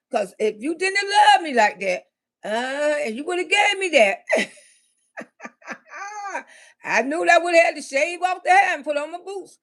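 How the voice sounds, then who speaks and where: Very high gravelly woman. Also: slow pace, pauses often. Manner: animated, laughs often, curses freely. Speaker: comedian storyteller. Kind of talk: live story-time comedy.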